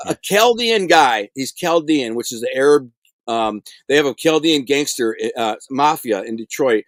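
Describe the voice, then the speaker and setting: A middle-aged man telling prison stories in a casual interview, animated and streetwise, full of slang and acted-out quotes. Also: medium pitch, moderate pace, no room sound.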